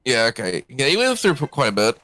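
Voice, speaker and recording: A man's voice: medium pitch, huge pitch swings, brisk, bright, forceful tone. A man chatting casually with a streamer on a voice call, laid-back and joking. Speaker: friend on a voice call. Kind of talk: casual chat.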